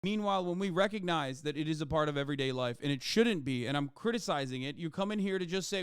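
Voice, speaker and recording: A man's voice: a little high, expressive, quick pace, hardly any pauses, clean tone, no room sound, studio quality. Heated, profane male streamer. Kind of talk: livestream commentary.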